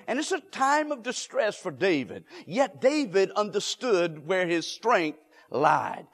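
Male pastor, high voice, emphatic preaching with call and response, recorded in a church sanctuary with long hall echo. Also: big pitch swings, takes it slowly. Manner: rising to emphatic shouts, leads call and response. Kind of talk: sermon.

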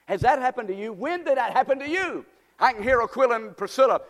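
Man, sermon, high lively voice, storytelling, long hall reverb. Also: fast. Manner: storytelling, building to impassioned exhortation. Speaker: preacher.

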